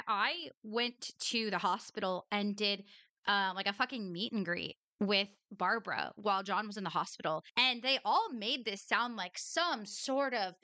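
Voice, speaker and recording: A woman's voice: mid-range voice, pushed and bright, no echo. A young adult woman hosting a podcast, giving blunt, exasperated commentary on an old recording and swearing often. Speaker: podcast host.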